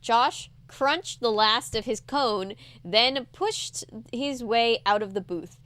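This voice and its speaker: A woman's voice: on the high side, slow, a bit bright, no echo. A woman host reading a children's mystery aloud in a casual, chatty way, breaking off for jokes and playful voices. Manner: chatty, laughs often, yawning, playful character voices. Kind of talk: casual read-aloud with joking asides.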